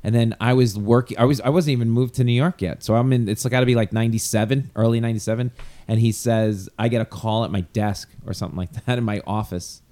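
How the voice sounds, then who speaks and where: A man's voice: medium pitch, fast. A man hosting a casual comedy podcast, telling stories and acting out the people he quotes. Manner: animated storyteller, acts out quoted voices.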